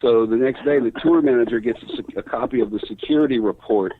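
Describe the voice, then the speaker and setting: Male co-host, blunt, profane, mid pitch, dry narrow phone audio. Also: quick pace, a little hiss or hum. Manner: blunt, swears freely, laughs often. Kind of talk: casual chat.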